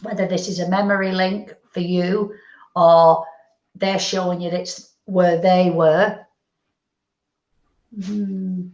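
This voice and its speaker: Gentle woman medium with some fry, recorded in an echoey room. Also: medium pitch. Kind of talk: psychic reading. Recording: lo-fi echoey stream audio.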